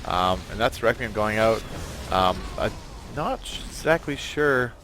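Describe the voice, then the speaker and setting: Low-voiced male co-caster, relaxed and joking, faint hiss behind. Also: a little slow. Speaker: esports co-commentator. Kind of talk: esports color commentary.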